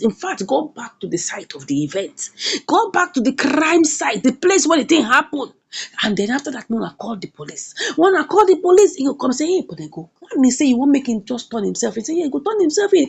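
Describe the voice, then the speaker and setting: A woman's voice: on the high side, vocal fry, a little mellow, slightly rough. A woman with a Nigerian Pidgin accent recapping a drama episode, acting out each character's lines in shifting voices. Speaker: movie reviewer.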